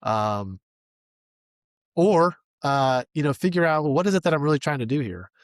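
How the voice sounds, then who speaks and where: A man hosting a podcast interview, talking reflectively with frequent ums and pauses. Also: on the high side, expressive, no room sound, clean studio sound. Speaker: podcast host. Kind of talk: casual interview.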